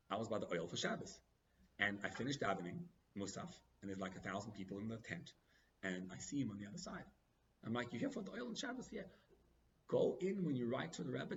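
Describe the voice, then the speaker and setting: Fast, animated storytelling rabbi. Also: male voice, lo-fi sound, a little hiss or hum. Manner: animated, acts out dialogue with big pitch swings. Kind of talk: storytelling sermon.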